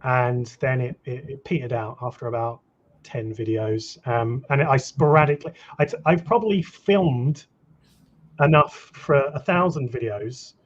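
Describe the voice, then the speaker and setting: A man's voice: medium pitch, a little slow. A man chatting casually on a livestream video call, hesitant and full of ums and restarts. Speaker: livestream guest. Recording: dull lo-fi call audio.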